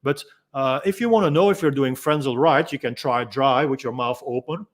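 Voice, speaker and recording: A freediving instructor calmly explaining and demonstrating techniques in a gentle, unhurried way, pausing often with ums. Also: male voice, medium pitch. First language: Dutch. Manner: calm, gentle explaining with frequent ums and pauses.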